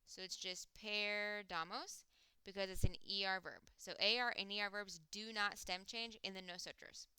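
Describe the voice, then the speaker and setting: Bright, crisp-voiced woman teaching. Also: mid-range voice, no room sound. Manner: methodical, step-by-step explaining; slows to spell out example words. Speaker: Spanish teacher. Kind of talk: recorded grammar lesson.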